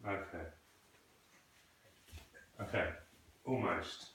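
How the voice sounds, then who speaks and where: A man's voice: low-pitched, drawn-out words, fairly bright tone, slight background noise. A man teaching a student krav maga, patiently correcting technique and asking questions in a training hall. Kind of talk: coaching a student in a class. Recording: echoey room, voice from a distance.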